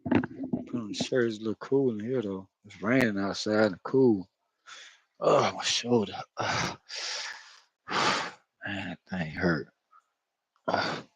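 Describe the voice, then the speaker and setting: A man's voice: lowish voice, slow, pauses often, slightly rough, dry recording. A man with a Florida accent chatting loosely while he cooks, rambling, laughing and swearing as he goes. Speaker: home cook. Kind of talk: casual cooking vlog talk.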